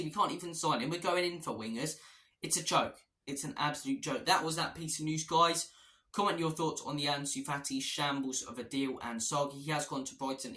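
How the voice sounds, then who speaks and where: A man rants about transfer news in a fan vlog, repeating himself in exasperation. His voice sits a little high and sounds bright and tense. The room is roomy, with a clear echo. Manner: exasperated, repetitive ranting. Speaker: football fan vlogger.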